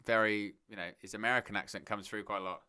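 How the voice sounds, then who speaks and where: A man's voice: fairly low pitch, steady tone, fast, pushed and bright, clear, resonant tone. A man hosting a live watch-along stream, chatting casually, thinking aloud and talking to his viewers. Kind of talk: live watch-along commentary, reading chat.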